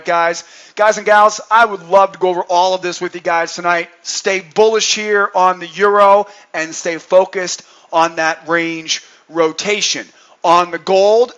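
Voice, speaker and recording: Bright, high-voiced energetic trading coach man. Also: dull audio. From New England. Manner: energetic, keeps asking "right?", jokes with himself. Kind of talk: chart commentary on futures.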